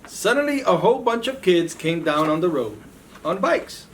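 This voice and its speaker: A man's voice: high-pitched, moderate pace. Man reading a picture book to kids. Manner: lively, varied storybook reading with animal voices. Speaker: police officer reading to children. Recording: faint background noise.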